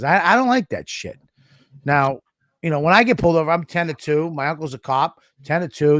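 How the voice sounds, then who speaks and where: A man's voice: a little high, brisk, fairly bright tone, no room sound. Guy rambling and swearing a lot, lots of restarts, dry mic sound. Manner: profane, rambling, many restarts. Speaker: podcast co-host. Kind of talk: casual chat.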